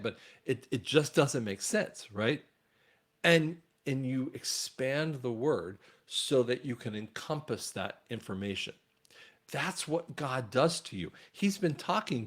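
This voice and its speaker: A man talking straight to his viewers in an earnest monologue on faith, often repeating a word as he restarts. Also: medium pitch. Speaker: online commentator.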